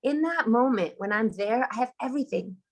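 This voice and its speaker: A woman's voice: a little high, expressive, brisk. Enthusiastic woman teaching over a video call. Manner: enthusiastic, chatty storytelling. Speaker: Torah teacher.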